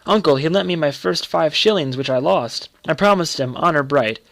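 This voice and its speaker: A man voicing an earnest, secretive young boy who speaks gravely and pleads with his uncle. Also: fairly high pitch, lively intonation, normal speed, fairly bright tone, dry recording, pitched above the performer's own voice.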